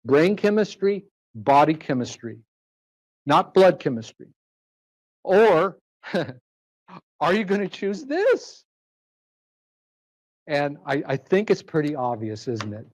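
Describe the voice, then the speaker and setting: A man with a voice on the higher side of average delivers a live sales pitch to a roomful of people. He talks persuasively, repeating prices and throwing rhetorical questions out to the crowd for answers. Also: sing-song, takes it slowly, pauses often. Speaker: sales presenter. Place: presentation room with a live audience.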